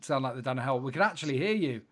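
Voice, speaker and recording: A man in the host's chair, talking casually at an ordinary mid pitch. He jokes and pokes fun at himself, mumbling half-aloud while he fiddles with his computer. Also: lively intonation, rapid-fire. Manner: joking, self-mocking, muttering while working a computer. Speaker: podcast host. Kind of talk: casual chat. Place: indoors at a computer, recording a call.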